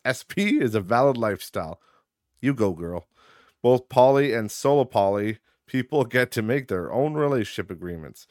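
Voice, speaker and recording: A man hosting a casual solo podcast, sarcastic and profane, laughing at his own jokes and getting loud and high when he rants. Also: no echo, clean studio sound. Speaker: podcast host.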